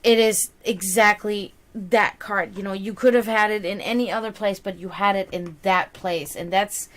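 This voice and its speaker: A woman's voice: medium pitch, steady tone, normal speed, a bit bright. A woman giving a live-streamed tarot reading to a viewer, reassuring and tired, with many fillers and repeated words. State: tired, yawning. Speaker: tarot reader.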